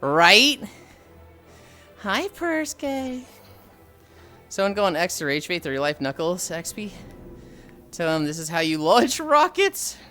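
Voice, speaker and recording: A man's voice: high-pitched, very animated, slow, long pauses, bright, forceful tone. A man streaming while walking, chatting casually, rambling with frequent sighs and casual swearing. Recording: faint music behind.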